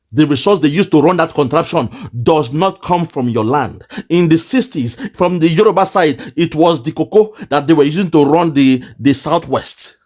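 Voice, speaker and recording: This man, an online commentator, laments passionately about politics in a Nigerian accent, repeating phrases to drive his points home. His voice is fairly high and a little mellow.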